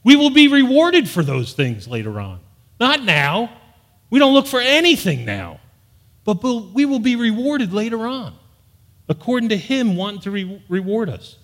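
A man's voice: sits high, very animated, moderate pace, fairly bright tone. A middle-aged man preaching a sermon with earnest, emphatic delivery. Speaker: pastor. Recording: long hall reverb.

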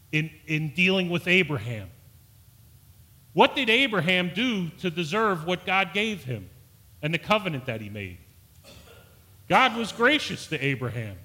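A man's voice: high-pitched, sharp tone. A man preaching a sermon in an earnest style, stumbling over and repeating words, his voice rising for emphasis. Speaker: pastor.

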